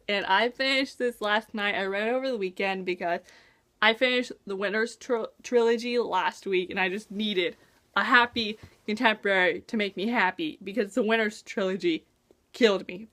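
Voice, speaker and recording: A woman's voice: medium pitch, a bit bright. A young woman casually reviewing a book in a vlog, bubbly and gushing, with lots of "like" and "oh my gosh".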